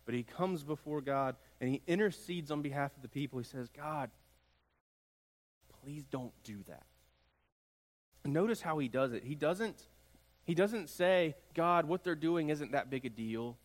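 With a fairly high voice at a moderate pace, a man preaches as pastor, his repeated phrases climbing in emphatic force. The sound carries a long hall reverb.

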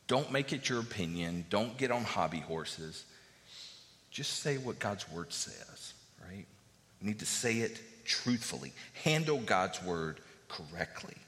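A man's voice: medium pitch, pushed and bright, long reverb tail. A man preaching a sermon as a pastor, talking in a conversational way with fillers and repeated phrases.

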